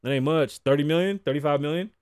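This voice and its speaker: Man, podcast host, casual profane rambling, slightly high pitch, dry close sound. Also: quick pace, darkish tone, clear, resonant tone, no room sound. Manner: rambling, profane, laughs often. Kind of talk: casual chat. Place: home studio desk.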